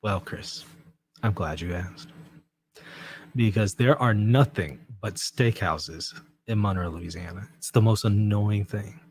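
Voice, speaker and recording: A man's voice: fairly low pitch, takes it slowly, darkish tone, a little hiss or hum. Laid-back man chatting on a livestream. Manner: laid-back and self-mocking, laughs often. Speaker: livestream host reading chat. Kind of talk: casual chat.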